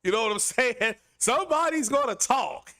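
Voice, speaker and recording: A man's voice: very high voice, expressive, moderate pace, sharp tone. A man live-streaming casual commentary, riffing and laughing through playful rants.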